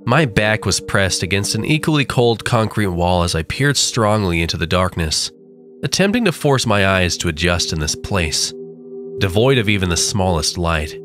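A man narrating a creepy story with slow, dramatic delivery. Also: low-pitched, lively intonation, a bit bright, faint music behind. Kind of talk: scripted horror narration.

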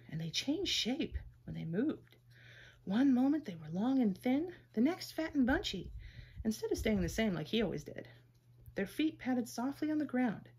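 A woman gently reading a children's story aloud in a measured way. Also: on the high side, slightly rough.

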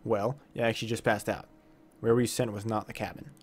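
A solemn, earnest guide who lays out the secrets of a cursed forest in a game, read aloud by a man. The voice stays lowish and plain. It sounds close to a normal speaking voice. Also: level tone, a little fast, husky, dry recording.

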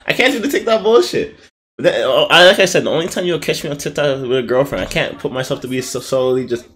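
A man's voice: mid-range voice, fast, fairly bright tone. A man hosting a reaction video, chatting casually with frequent laughs, slang and swearing.

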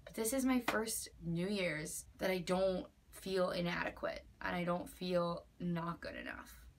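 A woman's voice: on the low side, fairly even intonation, measured pace, creaky, a little hiss or hum. A young woman in her twenties talking earnestly in a personal vlog, emphatic and repetitive, at times near tears. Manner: earnest, emphatic, with many likes and repeated phrases. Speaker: vlogger.

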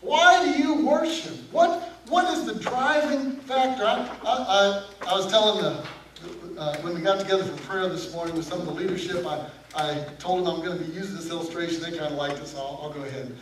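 A male pastor preaching a sermon, animated, throwing questions out to his congregation. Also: sits high, a little fast. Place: church sanctuary. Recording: echoey sanctuary, distant mic, faint room noise.

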